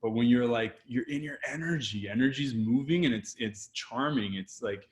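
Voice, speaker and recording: A man's voice: mid-range voice, moderate pace. A man with a Canadian accent, a guest photographer talking animatedly in a casual video interview and acting out quotes. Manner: energetic, animated, acts out quotes.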